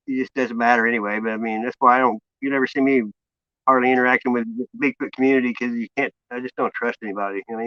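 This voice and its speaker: Stream host, male, bright slightly high voice, loose profane storyteller, dry sound. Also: no room sound, lo-fi sound. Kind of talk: casual chat.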